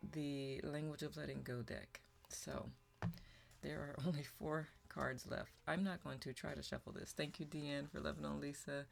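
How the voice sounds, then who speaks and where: A woman's voice: low-pitched, gravelly, slight background noise. A woman hosting a meditation livestream, chatting casually, greeting viewers by name and laughing often. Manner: warm, affectionate, laughs often, reads out chat names. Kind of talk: casual livestream chat reading viewer comments.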